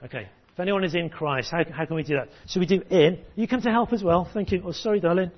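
Pastor guy, fairly high voice, dull lo-fi church recording, coaxing kids and congregation. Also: fast, breathy edge. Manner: encouraging, leads group call-and-response. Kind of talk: sermon with children's verse activity. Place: church service.

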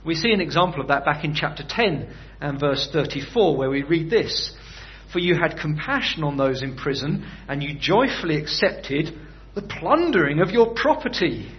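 A man delivers a sermon in an easy, conversational manner, tossing rhetorical questions to his listeners. His voice sits a little high for a man. The recording is dull and lo-fi. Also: sing-song, normal speed, few pauses. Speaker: preacher.

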